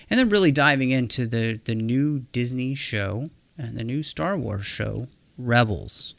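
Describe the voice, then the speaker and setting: A man's voice: mid-range voice, a bit bright, dry recording. A man hosting a casual podcast, welcoming guests, with frequent fillers and restarts. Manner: friendly, hesitant with restarts and fillers. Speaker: podcast host.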